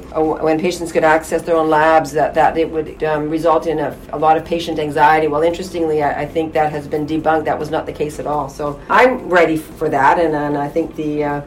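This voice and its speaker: A woman's voice: deep voice, slight background noise, rough recording. A middle-aged woman, a family physician, answering interview questions thoughtfully with frequent restarts and fillers. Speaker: family physician and college president.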